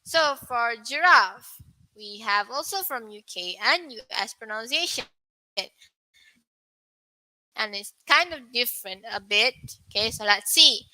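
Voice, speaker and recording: A young woman teaching an online English pronunciation lesson, asking viewers questions and repeating words slowly. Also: fairly high pitch, lively intonation, pushed and bright, no room sound, rough recording. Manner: slow, repetitive, questions to viewers.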